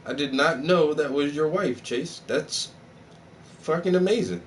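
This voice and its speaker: A man chatting casually on a livestream as he paints, animated, mimicking his own phone voices and swearing freely. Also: fairly high pitch, measured pace, distant mic, a little hiss or hum. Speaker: vlogger and painter.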